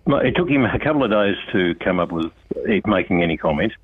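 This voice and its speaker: An older Australian road safety campaigner calls into a radio show, speaking bluntly and passionately and addressing an official directly in an on-air phone interview. His low voice is expressive, a little fast and slightly rough, coming through dry over a tinny telephone line.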